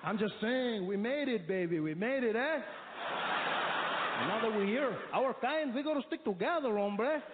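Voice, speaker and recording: Comedian doing a boisterous stranger, high and loud, tinny, echoey hall. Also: male voice, lively intonation, moderate pace, background noise. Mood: chummy, excited. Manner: loud, chummy, pushy. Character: boisterous friendly male stranger at an airport.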